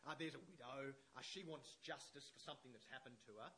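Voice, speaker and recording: A man's voice: mid-range voice, quick pace, pushed and bright, low-quality recording. A man preaching a conversational sermon who keeps checking in with rhetorical questions. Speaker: pastor.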